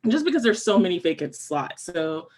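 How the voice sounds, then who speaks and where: A woman's voice: on the low side, big pitch swings, normal speed, darkish tone. An American woman co-hosting a podcast, chatting casually and rambling with many fillers and restarts. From United States. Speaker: podcast co-host. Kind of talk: casual chat.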